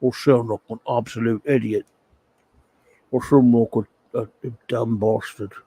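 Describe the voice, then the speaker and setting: A man putting on a gruff, swearing older English comics writer in a mock English accent, grumbling. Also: medium pitch, fairly even intonation, measured pace, mellow, dry recording. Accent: put-on English.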